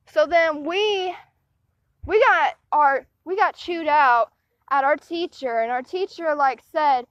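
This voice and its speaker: Young woman vlogging, high voice, talks slow and rambly, kinda indignant, dull muffled recording. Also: a bit bright, no echo. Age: young adult. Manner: rambling, restarts often, gets indignant. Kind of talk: personal storytime vlog.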